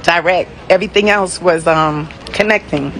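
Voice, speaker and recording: A woman's voice: on the low side, moderate pace, a crowd in the background, background noise. A woman passenger filming herself on her phone, upset and teary, talking in a frustrated, confrontational, rambling way. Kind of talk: casual phone vlog.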